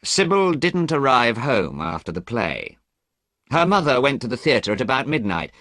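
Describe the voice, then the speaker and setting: Man doing a worldly gentleman friend, coaxing and urgent, audiobook character, raised pitch, dry close sound. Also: sing-song, normal speed, dry recording.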